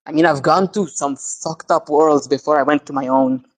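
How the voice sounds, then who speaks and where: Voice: mid-range voice, fairly even intonation, moderate pace. Casual, laughing tabletop player. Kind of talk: casual tabletop role-play chat.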